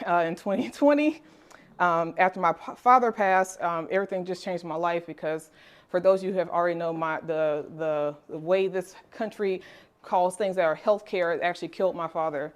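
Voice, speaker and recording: A middle-aged woman with a fairly low-pitched voice speaks to a class as a wellness teacher. She tells her story earnestly and openly, dotting it with fillers and small laughs. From Nigerian family background. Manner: earnest and candid, with frequent fillers and light laughs. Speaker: holistic nutritionist and wellness teacher. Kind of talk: personal story told to a class.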